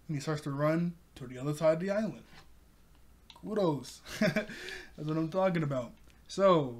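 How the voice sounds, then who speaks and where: Chatty, giggly young man recapping. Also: a little high. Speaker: anime reviewer. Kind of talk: casual episode recap.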